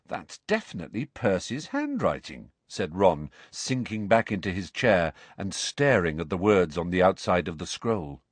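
A man narrating a storybook as an audiobook, in an expressive storytelling way. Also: sits low, normal speed, few pauses, no echo. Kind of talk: scripted narration.

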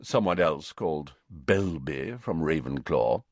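A man plays an aloof teenage boy from a storybook, low and level, flat with disdain. He speaks in cool, clipped phrases. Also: a little slow, no room sound, full character voice. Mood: cold. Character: cold, haughty teenage wizard boy.

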